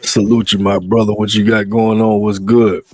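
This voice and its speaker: A man's voice: on the low side, level tone, moderate pace, a little mellow, dry recording. A man hosting a casual talk show, rambling and repeating words as he trash-talks about sports. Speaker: host.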